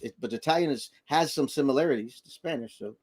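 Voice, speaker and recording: A middle-aged grandfather co-hosting a casual livestream chat, telling animated family stories and acting out voices. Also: mid-range voice, fast, husky. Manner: animated storyteller who acts out voices. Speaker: livestream co-host.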